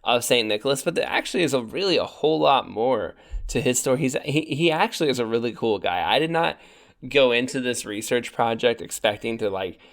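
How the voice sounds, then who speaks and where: A man's voice: mid-range voice, expressive, a little fast, creaky. A young man co-hosting a podcast, talking casually and chattily with fillers and restarts. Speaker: podcast co-host.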